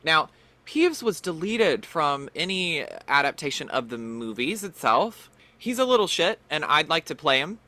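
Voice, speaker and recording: Male podcast host, playful pop-culture chatter, lively bright voice. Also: a little high, unhurried. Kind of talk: casual pop-culture chat.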